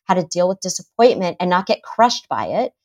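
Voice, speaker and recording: A woman's voice: on the low side, very animated, a little fast, a little mellow. A middle-aged woman psychotherapist in a podcast interview, talking animatedly and acting out parents' voices. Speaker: psychotherapist guest.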